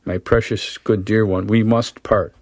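A man's voice: lowish voice, steady tone, unhurried, darkish tone, no echo, studio quality. A man reading a story aloud, voicing a frightened young woman in love who pleads with her lover breathlessly. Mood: tearful pleading. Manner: breathless, imploring, rising to cries.

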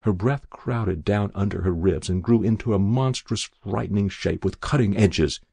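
A man reads literary fiction in a measured, expressive way. His low voice is gravelly and a little husky, and it moves through a wide pitch range. The sound is dry and close, with no room echo. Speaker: narrator. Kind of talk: scripted literary narration.

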